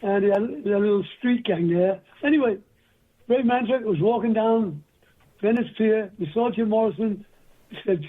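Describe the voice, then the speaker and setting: A man's voice: sits high, moderate pace. Older man telling stories over a tinny phone line. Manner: rambling anecdotal storyteller. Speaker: guest. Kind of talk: storytelling interview.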